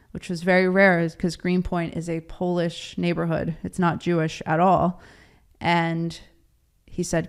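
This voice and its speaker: A woman's voice: fairly low pitch, little pitch movement, measured pace, smooth. A woman from Baltimore, a guest on an interview show, telling her story in a casual, chatty way, laughing often and acting out what people said. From Baltimore, USA.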